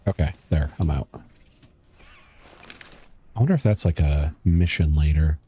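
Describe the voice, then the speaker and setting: A man's voice: rumbling low, measured pace, mellow, slightly rough. A young man streaming a game, chatting casually, reading chat aloud and muttering as he plays. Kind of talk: casual gameplay commentary.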